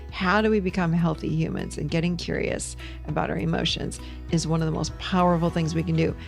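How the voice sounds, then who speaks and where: A middle-aged woman hosting a solo podcast as a therapist, gently coaching listeners through exercises. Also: low-pitched, vocal fry. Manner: gentle, coaching, speaks imagined dialogue softly.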